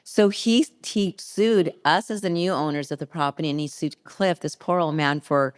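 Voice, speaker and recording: A middle-aged woman, a podcast guest, telling a story in a lively, casual way and acting out the people in it. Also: low voice, moderate pace, clean tone. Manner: lively anecdote teller who acts out quoted people.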